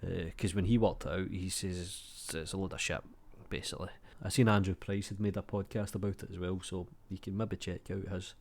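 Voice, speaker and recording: A man's voice: low voice, fairly even intonation, a little fast, few pauses, a little mellow. Laid-back man with a cold. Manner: laid-back, swears freely, says mate a lot. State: has a cold. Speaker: YouTube creator. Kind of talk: casual chat reading viewer comments.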